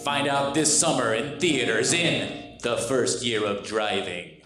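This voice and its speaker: A man's voice: mid-range voice, takes it slowly, close to an everyday voice. A man voicing a portentous movie-trailer announcer on a live stage. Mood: dramatic. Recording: live stage with room echo and piano.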